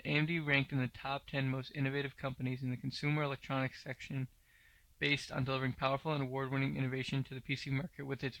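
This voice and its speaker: Blunt, gravelly man hosting a tech podcast. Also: mid-range voice, a bit bright, dry recording. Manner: opinionated, blunt, many fillers. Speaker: podcast host. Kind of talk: casual tech news commentary.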